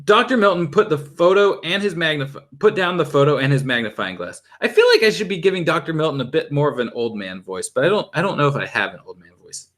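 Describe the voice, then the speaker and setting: A man's voice: fairly high pitch, quick pace, few pauses. A young adult man casually reading a chapter book aloud, stumbling now and then over the words. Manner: lively, stumbles and laughs at own slips. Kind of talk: casual read-aloud narration.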